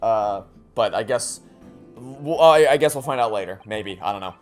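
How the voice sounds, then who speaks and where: A man's voice: fairly low pitch, animated, moderate pace, soft background music. A man giving casual let's play commentary, thinking aloud in a rambling way with many restarts.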